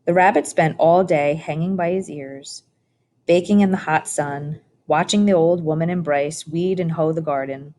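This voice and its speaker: A woman narrating a children's storybook in a calm, measured reading. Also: low-pitched. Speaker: audiobook reader.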